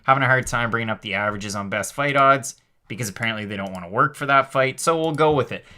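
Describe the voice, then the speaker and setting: A man hosting a live MMA stream, talking fast and chatty with lots of fillers while reading out the chat. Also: mid-range voice. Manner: energetic, rapid, chatty with many fillers. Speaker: host of a live MMA show.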